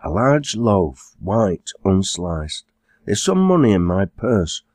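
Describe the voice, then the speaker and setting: A man voicing a kindly, fussing middle-aged farmer's wife in an audiobook, in a somewhat raised, husky voice. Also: deep voice, very animated, takes it slowly, darkish tone, no echo, studio quality, full character voice. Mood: motherly.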